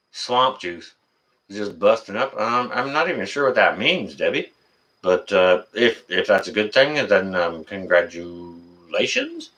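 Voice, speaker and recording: A man's voice: medium pitch, sharp tone. Folksy man chatting on a live stream. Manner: folksy, teasing, talks to chat by name. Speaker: live stream host reading chat. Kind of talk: casual live stream chat.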